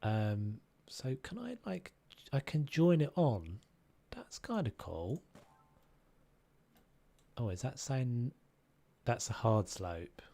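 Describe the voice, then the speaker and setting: A man's voice: medium pitch, big pitch swings, takes it slowly, creaky, long pauses, dark tone. A man casually chatting and musing aloud while live-streaming a game, now and then humming tunes.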